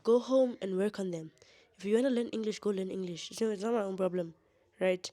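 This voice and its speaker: A woman's voice: mid-range voice, brisk, warm tone. A young woman talking straight to camera in a candid vlog monologue, blunt and defiant, laughing often. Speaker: vlogger.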